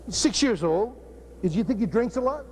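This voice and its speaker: High-voiced blunt, profane man coaching. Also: lively intonation, normal speed, background noise. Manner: blunt and profane, cracking jokes. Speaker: football coach speaking at a coaching clinic. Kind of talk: humorous coaching clinic talk.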